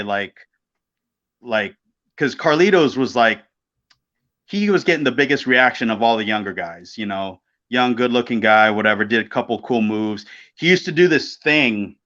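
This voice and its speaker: A middle-aged man co-hosting a casual podcast, telling an old road story in a profane, animated way and acting out the voices of the people in it. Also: medium pitch. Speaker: podcast co-host, former pro wrestler. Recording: dull lo-fi podcast audio.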